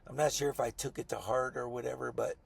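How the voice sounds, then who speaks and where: A man's voice: mid-range voice, flat delivery, fast talker, no room sound. A man telling a rambling, profane story to friends on a podcast, often quoting the people in it. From Colorado, US. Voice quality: gravelly, husky. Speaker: podcast co-host. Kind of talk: casual storytelling among friends.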